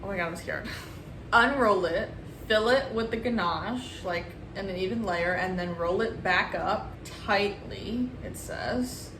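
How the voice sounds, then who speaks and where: A woman's voice: medium pitch, measured pace, echoey room, noisy background. A young woman vlogging herself baking at home, talking casually, nervous and joking at her own expense. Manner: nervous, self-mocking, excitable. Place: home kitchen.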